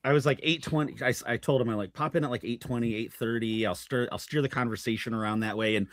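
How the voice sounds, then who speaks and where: A man's voice: mid-range voice, fast, dry recording. A man hosting a livestream podcast, chatting in a laid-back, agreeable way. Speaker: podcast host. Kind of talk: casual chat.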